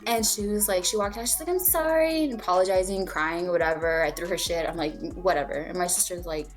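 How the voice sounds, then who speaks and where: Over soft background music, a podcast co-host talks fast in a lowish, steady voice. The young woman casually recounts a personal story, candid and swearing freely, acting out what others said.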